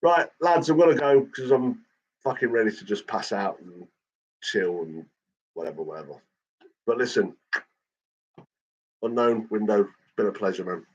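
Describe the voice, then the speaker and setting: Man, low voice, casual rambling livestream chat, sweary, dull lo-fi recording. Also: lively intonation, moderate pace, long pauses, slightly rough. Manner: rambling and sweary, with frequent fillers. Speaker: livestreamer chatting with viewers.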